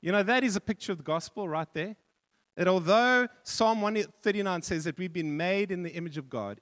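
Male pastor, sermon, storytelling, animated, fairly high voice, long church-hall reverb.

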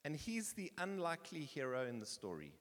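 Male pastor, higher voice, expressive sermon delivery, echoing church hall. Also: fairly quick. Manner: animated, conversational preaching with scripture reading. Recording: long reverb of a church hall.

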